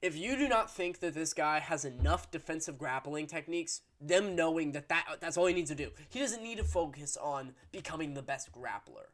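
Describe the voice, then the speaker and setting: A man's voice: fairly high pitch, lively intonation, moderate pace, few pauses, fairly bright tone. A man hosting his own fight-prediction channel, talking casually and with strong opinions, swearing and restarting sentences as he gets fired up. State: hiccuping. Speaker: MMA prediction channel host. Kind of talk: casual solo commentary.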